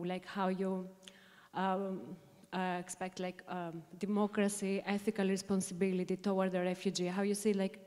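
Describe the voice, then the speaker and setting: A woman's voice: medium pitch, darkish tone. A young woman from Greece and Albania in the audience asking a panel a question, hesitant with many fillers. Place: large conference hall. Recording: long hall reverb.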